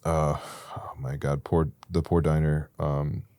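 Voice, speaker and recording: Very deep-voiced man telling his story. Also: level tone, a little slow, clean tone, dry recording. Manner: rambling, grows loud and intense at peaks. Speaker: podcast guest. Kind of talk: candid storytelling about recovery.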